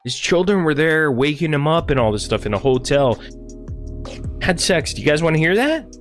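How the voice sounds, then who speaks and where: Crude, lively male livestreamer. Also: fairly high pitch, normal speed, faint music behind. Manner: crude, taunting. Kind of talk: casual livestream chat.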